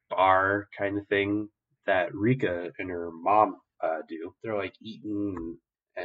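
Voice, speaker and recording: Young male podcast host, casual profane recapper with a low voice and muffled audio. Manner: rambling, profane, animated retelling.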